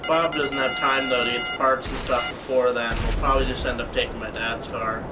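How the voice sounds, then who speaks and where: A man's voice: mid-range voice, flat delivery, fairly quick, distant mic. A young man chatting casually while playing a game, offhand and jokey. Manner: offhand, jokey, mock-dramatic. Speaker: gamer. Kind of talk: casual chat while gaming. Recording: noisy game audio behind.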